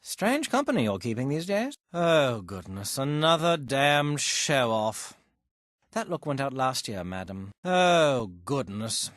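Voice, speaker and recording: Foppish necromancer dandy, snobbish and mocking; voice leaps all over, recorded dry. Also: male voice, medium pitch, very animated, slow, fairly bright tone, dry recording. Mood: sneering, disdainful. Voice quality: plummy, theatrical, lots of bursting laughs. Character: haughty foppish male necromancer companion, sneering. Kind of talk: game voice acting. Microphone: close studio mic.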